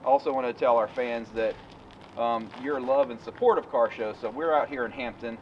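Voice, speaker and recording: Fast-talking male host outdoors. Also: medium pitch, expressive, creaky. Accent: Virginian. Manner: quick, brief affirmations. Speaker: interviewer, host. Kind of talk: casual interview. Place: outdoors at a car show. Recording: distant mic, dull sound, faint noise.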